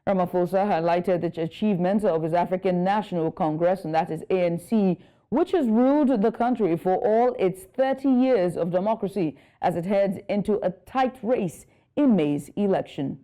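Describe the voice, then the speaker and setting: A woman news anchor reading scripted world news, steady with small slips and fillers. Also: fairly low pitch, normal speed.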